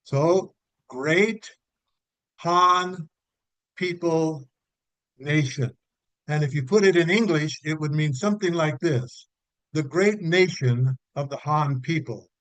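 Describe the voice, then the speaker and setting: A man presenting slides in an online church meeting, talking in a halting way with fillers and restarts. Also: a little high, fairly bright tone, no echo, rough recording.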